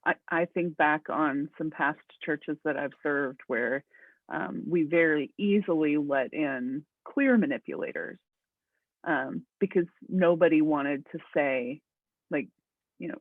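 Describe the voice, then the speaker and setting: A man's voice: a little high, dry recording. Thoughtful man pastor on a tinny line. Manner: thoughtful, measured, hedging. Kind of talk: casual podcast discussion. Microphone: video call. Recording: dry, tinny call audio.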